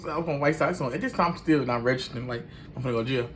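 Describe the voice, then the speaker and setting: A man's voice: mid-range voice, very fast. A man spinning a personal story in loose, slangy street talk, his voice sitting right in the middle for a guy. He acts out each exchange as he goes. A faint hiss runs under the recording. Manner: animated, acts out every line of dialogue.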